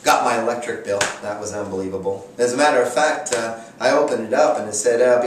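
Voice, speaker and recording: A man in a mid range spins an exasperated comic monologue with deadpan sarcasm. His voice bounces around a bare, echoey room. The mic sits some distance away, with faint ambient noise underneath. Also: medium pitch, fairly quick, hardly any pauses. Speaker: vlogger.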